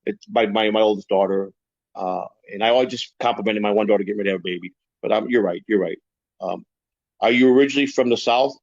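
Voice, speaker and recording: A man's voice: lowish voice, fast talker, gravelly, no room sound, dull audio. Rambling older man, podcast host. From Chicago. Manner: excitable, defensive, rambling. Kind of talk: livestream chat reading comments.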